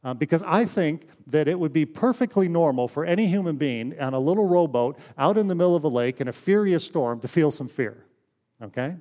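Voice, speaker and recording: A man preaching a sermon in a conversational, story-telling way, often dropping to a soft hush for emphasis. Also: on the high side, animated, fairly quick. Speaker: pastor.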